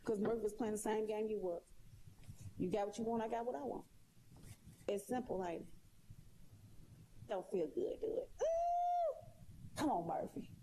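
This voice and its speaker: A woman's voice: on the high side, dark tone, a little hiss or hum. A woman talking straight to her viewers in a casual monologue, sassy and emphatic, repeating her points. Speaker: live streamer.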